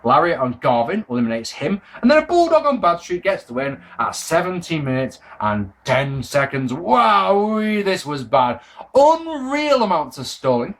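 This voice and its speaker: A male wrestling reviewer talking straight to his audience in a loose, casual monologue. He is sarcastic and sweary, and exasperated by what he is watching. His voice is lively, jumping up high and dropping low as he goes. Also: normal speed, few pauses.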